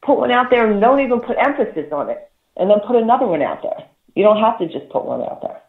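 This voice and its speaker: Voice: mid-range voice, sing-song, fast. Spiritual radio host, swears a lot, stumbles and repeats, sounds thin and phone-like in a roomy echo. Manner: profane, emphatic, repeats words, laughs between points. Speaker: spiritual talk show host. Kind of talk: casual spiritual advice talk. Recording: echoey, tinny phone-like line.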